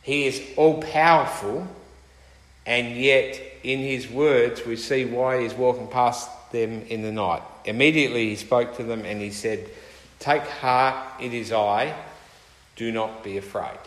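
Guy preaching a sermon, emphatic, lots of questions, echoey hall. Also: medium pitch. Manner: emphatic, asks rhetorical questions. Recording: echoey hall with long reverb.

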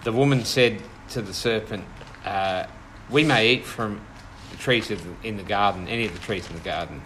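Here a small group follows a low-voiced man through casual Bible teaching. He proceeds slowly and reflectively, stumbling into fillers and restarts. A quiet hiss runs beneath the low-quality recording.

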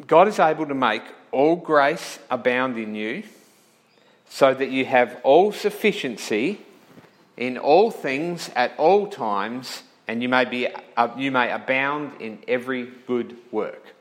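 A man's voice: medium pitch, takes it slowly, poor audio. A male pastor giving a conversational sermon, often checking in with listeners and correcting himself as he thinks aloud.

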